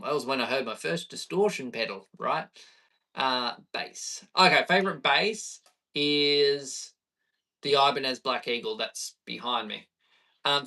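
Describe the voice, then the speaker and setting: An Australian man in his thirties, a bass player chatting easygoing with viewers on a live stream. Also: creaky, sharp tone, distant mic. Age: 30s. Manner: chatty and easygoing, reading viewer questions aloud.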